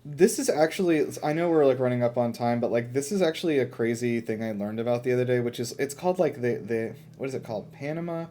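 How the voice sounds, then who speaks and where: A man's voice: medium pitch, fast, few pauses, mellow, slight background noise. A young man co-hosting a casual podcast, rambling with lots of fillers and restarts. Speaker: podcast co-host. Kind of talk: casual chat.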